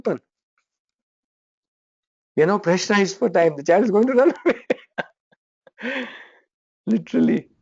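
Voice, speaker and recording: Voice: mid-range voice, warm tone. A workshop trainer, coaching participants through a parenting role-play in a direct, encouraging way. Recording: dull lo-fi recording.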